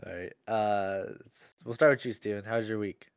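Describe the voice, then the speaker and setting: A young man hosting a casual chat with friends, laid-back, teasing and quick to laugh. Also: on the low side, steady tone, smooth, no echo, clean studio sound.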